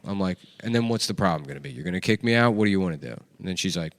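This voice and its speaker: A fairly low-pitched man hosting a comedy podcast. He rambles through profane anecdotes, jumps into quoted voices, and keeps the banter loose. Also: animated, very fast, few pauses, dry recording. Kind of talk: casual banter, storytelling.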